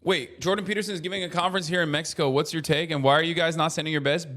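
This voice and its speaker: A man streams his running commentary with a slightly higher voice than most men. He is animated and profane, and he keeps breaking into loud mocking rants before settling back into casual talk. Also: racing. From United States. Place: traveling in Japan.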